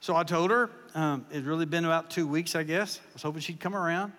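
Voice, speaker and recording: A man tells folksy, joking stories as a guest preacher. His voice sits high and sounds bright and forceful. Long reverb from a large church hall trails behind every phrase. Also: brisk. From Kentucky. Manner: folksy, joking, animated storytelling. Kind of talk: humorous sermon storytelling.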